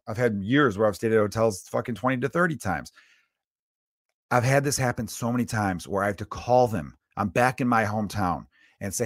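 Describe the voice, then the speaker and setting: Low-voiced, exasperated male comedian ranting. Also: no room sound, clean studio sound. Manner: exasperated, profane, rambling. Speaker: comedian and podcast host. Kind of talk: solo comedic rant.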